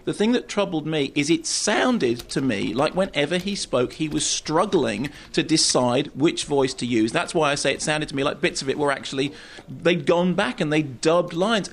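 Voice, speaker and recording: A man talking as a film critic on a radio review show, emphatic and animated, often repeating words as he starts a point. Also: a little high, slight background noise.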